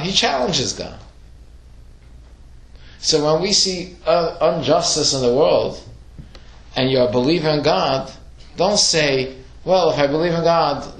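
A man teaching a class, middle-pitched and lively, throwing questions at his listeners and acting out the voices in his stories. The room is echoey and bare. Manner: questioning, animated storytelling with acted quotes. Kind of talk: classroom Torah lesson.

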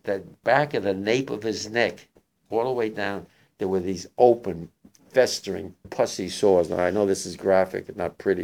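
Speaking to a young audience, an aging war veteran delivers testimony haltingly and with emotion, starting over many times. He has a low, gravelly, darkish voice.

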